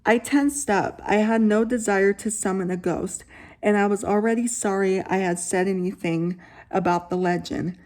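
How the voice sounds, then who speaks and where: A woman's voice: medium pitch, steady tone, moderate pace, darkish tone. Woman reading a scary story aloud. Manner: reads steadily, breaks off for casual asides.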